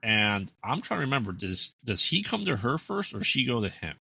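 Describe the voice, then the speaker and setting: A man's voice: mid-range voice, sing-song, moderate pace, gravelly, bright, forceful tone, breathy edge, no room sound. An American man co-hosting a podcast, casually recapping a horror movie plot with lots of fillers and restarts. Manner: rambling, many fillers and restarts. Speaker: podcast co-host.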